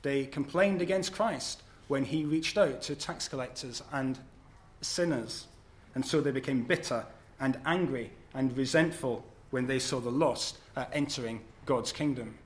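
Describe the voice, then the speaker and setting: A man preaching a sermon at a church service, earnest and measured, with occasional fillers as he reads and explains scripture. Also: mid-range voice.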